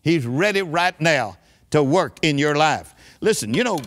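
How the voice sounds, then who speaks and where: A man's voice: on the high side, lively intonation, measured pace, a bit bright. An older man preaching with a fervent, rousing delivery and a slightly raised voice. He stresses his points and keeps calling on the listeners to repeat after him. His style is that of a church sermon. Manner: emphatic call-and-response preaching.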